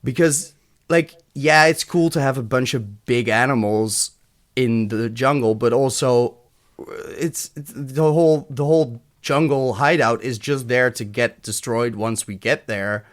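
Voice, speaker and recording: A man's voice: medium pitch, unhurried. Sardonic European man reviewing a film. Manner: frank, sardonic, swears freely. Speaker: podcast co-host. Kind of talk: casual film review chat.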